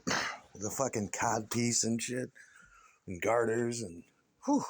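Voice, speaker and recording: A man's voice: mid-range voice, takes it slowly, husky. A man talking casually in an interview, ranting and scornful, with lots of swearing.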